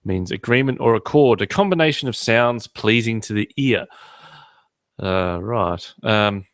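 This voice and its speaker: A man's voice: on the low side, measured pace, no room sound, studio quality. A man hosting a podcast in casual chat, cracking irreverent jokes. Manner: joking, irreverent banter. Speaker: podcast host.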